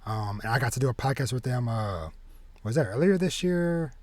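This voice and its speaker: A man hosting a podcast, chatting casually in a halting way, with restarts and easy laughs. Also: mid-range voice, expressive, dry recording. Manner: halting, many restarts and fillers, laughs easily. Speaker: podcast host.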